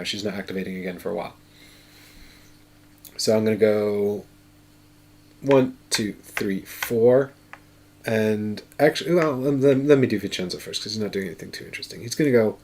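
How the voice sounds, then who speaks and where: A man with a fairly low, darkish voice hosts a casual solo board game playthrough. Chatty, he thinks aloud while counting out his moves.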